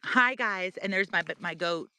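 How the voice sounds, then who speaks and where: A woman's voice: medium pitch, a little slow, pushed and bright, a little hiss or hum. A middle-aged woman giving a casual walk-and-talk vlog tour of her backyard, chatting to her pets and animals. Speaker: vlogger.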